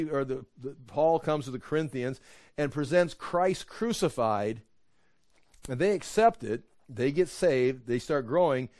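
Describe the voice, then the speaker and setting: A man preaching in a conversational, animated way, acting out the voices he quotes. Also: mid-range voice, no room sound, clean studio sound. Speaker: pastor. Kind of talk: sermon.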